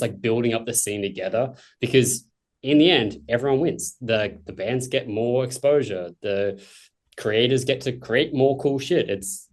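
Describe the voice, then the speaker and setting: A man with an Australian accent hosting a casual interview, enthusiastic and swearing freely. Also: medium pitch. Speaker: podcast host.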